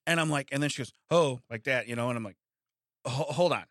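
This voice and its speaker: A man's voice: mid-range voice, quick pace, a bit bright, no room sound, studio quality. A middle-aged man from the United States co-hosting a casual chat, rambling through stories with frequent laughs and restarts. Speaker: podcast co-host.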